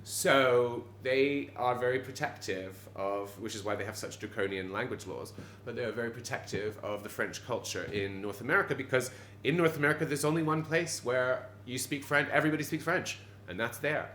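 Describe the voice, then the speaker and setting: A man with a Quebecois-Canadian accent talks at the bar of an old pub, animated and digressive, full of restarts. His voice sits in the middle range, and it rings around a roomy space with faint pub ambience behind it. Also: medium pitch, a little fast, hardly any pauses, slight background noise. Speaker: pub landlord. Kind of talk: conversational interview.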